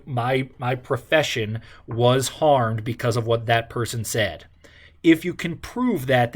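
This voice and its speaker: Man giving a law lecture. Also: mid-range voice. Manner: explanatory, uses examples and restarts. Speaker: teacher. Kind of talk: classroom lecture.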